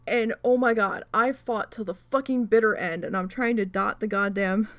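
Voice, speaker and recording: A woman telling a story in a casual chat while crafting, animated and swearing often. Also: medium pitch, normal speed, no echo. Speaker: channel host.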